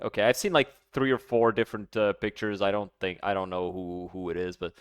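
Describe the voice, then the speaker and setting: A man reacting to a video with loud, profane, animated commentary. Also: lowish voice, brisk, clear, resonant tone, dry recording, clean studio sound.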